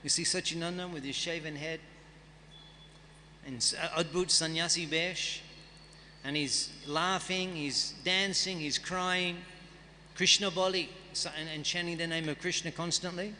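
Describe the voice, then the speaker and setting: A man's voice: on the high side, fairly even intonation, measured pace, sharp tone, in a large hall, a little hiss or hum. A man giving a scripture class, reading and chanting verses and then explaining them in a conversational way. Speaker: guest speaker at a temple festival. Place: temple hall.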